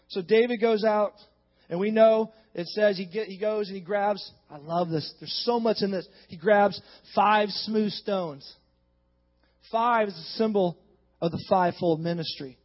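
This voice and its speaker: A man preaching a sermon in a church, retelling a story casually and building into animated exhortation. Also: high-pitched, unhurried, long pauses. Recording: dull sound with long hall reverb.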